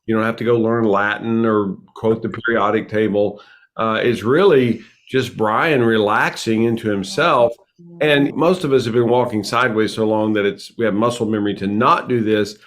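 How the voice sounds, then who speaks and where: A middle-aged man hosting a relationship podcast, talking in an emphatic, animated storytelling way. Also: fairly low pitch, normal speed. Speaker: podcast host. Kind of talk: casual relationship podcast chat.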